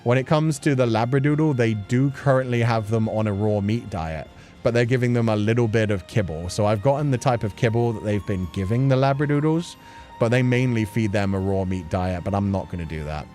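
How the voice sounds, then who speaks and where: A man chatting casually on a livestream, playful and quick to laugh, answering questions from chat. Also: lowish voice, a little mellow, faint music behind. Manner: chatty and playful, laughing often between thoughts. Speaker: streamer. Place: at home.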